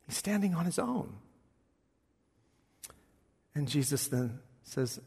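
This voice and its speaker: A male pastor preaching a sermon, expressive, swinging between loud passages and hushed ones. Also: a little high, takes it slowly, vocal fry, pauses often, slightly rough, long reverb tail.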